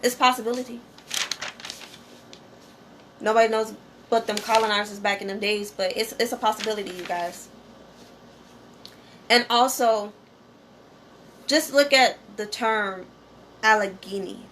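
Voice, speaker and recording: A woman's voice: medium pitch, a little slow, long pauses, fairly bright tone. Casual woman talking to viewers. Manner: conversational, repeats "okay?" and "you know". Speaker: channel host.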